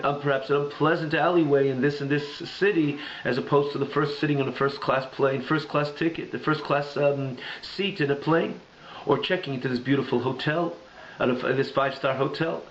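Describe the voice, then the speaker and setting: A man giving a Torah class, telling a parable with halting, repetitive restarts. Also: medium pitch, a little hiss or hum. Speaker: Jewish teacher. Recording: echoey room, dull lo-fi sound.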